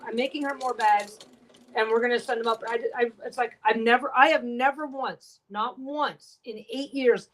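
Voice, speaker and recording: Blunt, foul-mouthed woman, fairly high voice. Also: a bit bright, rough recording. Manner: swears a lot, blunt and talkative. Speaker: quilter and livestream host. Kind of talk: casual livestream chat while sewing. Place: home sewing room.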